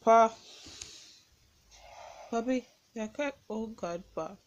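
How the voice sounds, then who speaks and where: A woman's voice: on the high side, takes it slowly, dull audio. A woman filming a prank on her partner, soothing him over and over with pet names while half-crying and laughing. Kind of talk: casual prank video.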